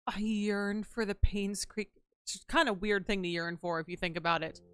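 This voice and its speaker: A woman's voice: medium pitch, steady tone, normal speed, smooth, no room sound, studio quality. A woman live-streaming a game from her home setup, chatting casually with her viewers in a playful, joking way.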